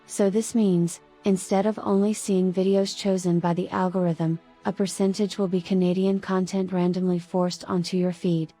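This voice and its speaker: A woman co-host reading viewer donation messages aloud in a plain, even way. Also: on the low side, normal speed, few pauses, soft background music.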